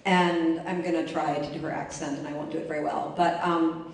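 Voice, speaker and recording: A woman's voice: low voice, flat delivery, fairly quick. Woman telling a wry story, echoey room. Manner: wry, self-mocking comic delivery. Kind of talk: live personal storytelling. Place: library event space. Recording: echoey room, mic far off.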